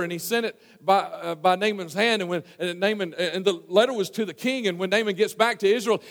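A male pastor preaching a sermon in a church, folksy and storytelling, with many restarts, swinging from hushed asides to loud emphasis. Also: high-pitched, big-room sound. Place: church sanctuary.

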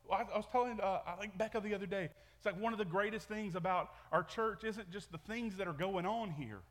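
A man's voice: high-pitched, fairly bright tone, in a large hall. A man preaching a sermon to his church in a casual, conversational way, often repeating words and restarting sentences. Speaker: pastor. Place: church sanctuary.

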